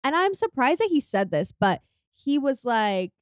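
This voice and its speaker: A woman's voice: high-pitched, normal speed, no room sound, studio quality. Bubbly young woman from California. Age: 20s. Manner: animated, laughs often, quotes herself in lively voices. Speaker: podcast guest. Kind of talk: casual chat. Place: podcast studio.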